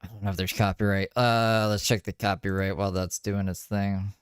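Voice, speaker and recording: A man's voice: fairly low pitch, little pitch movement, a little fast, smooth, no room sound, clean studio sound. A man chatting casually on a live stream, rambling and swearing with laughing asides. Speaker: streamer reacting to another creator's live.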